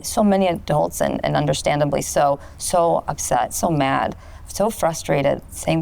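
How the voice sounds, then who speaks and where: Very low, gravelly-voiced woman, reflective. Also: a little slow, darkish tone. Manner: thoughtful, reflective. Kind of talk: interview.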